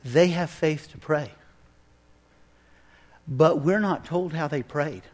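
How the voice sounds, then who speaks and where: Slow-speaking high-voiced male preacher. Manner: animated storytelling, acting out scenes. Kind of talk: sermon. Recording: echoey hall reverb.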